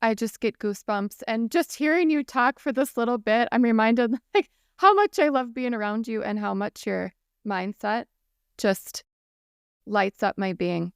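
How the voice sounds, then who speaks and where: Woman, podcast host, enthusiastic, laughs easily, very crisp voice, dry close sound. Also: on the high side, a little slow, no echo. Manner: enthusiastic, laughs often, admiring. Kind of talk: interview conversation.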